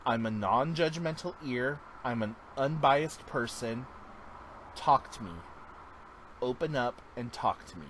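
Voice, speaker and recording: A man's voice: medium pitch, lively intonation, a little slow, a bit bright, a little hiss or hum, low-quality recording. A man vlogging a casual check-in, talking in an earnest, encouraging way that drifts into tangents.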